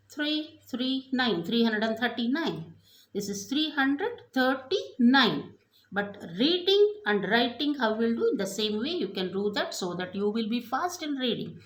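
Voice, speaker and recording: A woman teaching abacus finger techniques step by step, counting numbers aloud slowly and deliberately with frequent prompts. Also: a little high, big pitch swings, reverberant. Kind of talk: step-by-step math lesson.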